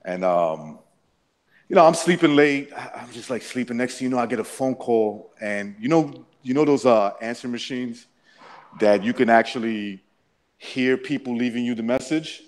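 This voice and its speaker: A man's voice: medium pitch, normal speed. A man casually recounting a personal story, rambling with many restarts and frequent swearing. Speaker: interviewee.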